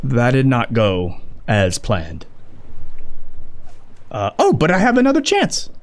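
A man playing a video game and commenting, excitable and jokey, cursing and cheering at his own progress. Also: mid-range voice, slow. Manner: excitable, swearing, joking to himself; blind gamer. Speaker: let's play gamer. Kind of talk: gaming commentary.

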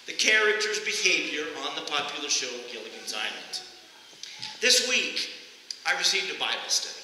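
A man with a high, very bright voice gives a storytelling sermon, often restarting his sentences. He speaks in a church, and the sound rings with heavy echo and a long reverb. A faint hiss sits under the voice. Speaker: pastor. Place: church sanctuary.

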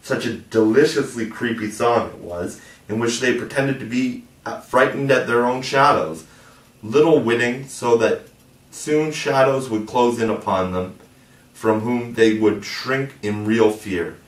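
A man reading a children's classic aloud as narration, lifting his voice for the children's lines. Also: measured pace. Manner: reads steadily, puts on higher voices for the children. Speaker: audiobook reader. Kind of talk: scripted narration. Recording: echoey room, mic at a distance.

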